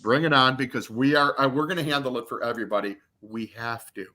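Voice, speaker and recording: A man in his fifties, a podcast interview guest, telling a long personal story, acting out quotes and swearing freely. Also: fast. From Michigan. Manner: animated, acts out quotes with big pitch jumps.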